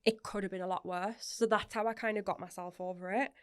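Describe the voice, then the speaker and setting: A woman's voice: medium pitch, fairly even intonation, quick pace, clear, resonant tone. A woman, talking openly and chattily as a podcast guest, laughing often and swearing casually. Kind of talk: candid personal interview.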